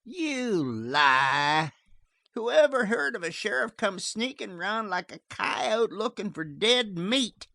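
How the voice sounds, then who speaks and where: A man voicing a big-voiced, defiant outlaw who talks slowly and scornfully. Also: no room sound, studio quality. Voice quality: big, booming voice.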